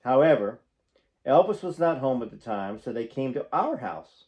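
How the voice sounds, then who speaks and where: Male host, mid-pitched voice, reads from a book and breaks off into chatty commentary. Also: very animated, normal speed, dull audio. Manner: breaks off to comment, folksy and conversational. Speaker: channel host reading a book aloud. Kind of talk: reading aloud with casual asides.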